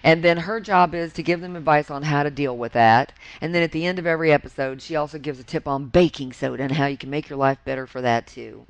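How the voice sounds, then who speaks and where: A woman with a Southern US accent, a voice actor chatting as a podcast guest, animated and laughing often. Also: sits low, fast talker, few pauses, dry recording. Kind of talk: casual podcast chat.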